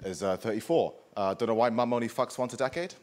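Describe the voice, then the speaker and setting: A man in his twenties performing a live stand-up set, with a dry, self-deprecating delivery full of "uh" pauses. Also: mid-range voice, animated, darkish tone. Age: 20s. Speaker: stand-up comedian. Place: comedy club stage with live audience. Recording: live club recording, audible noise. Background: audience laughter.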